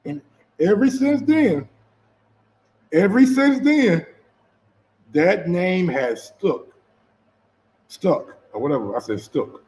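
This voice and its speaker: A man's voice: sits high, sing-song, slow pace, long pauses, a little mellow. A man commenting casually on boxing footage, loose and profane, repeating himself and putting questions to his viewers. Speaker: sports commentator reacting to footage. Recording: echoey room.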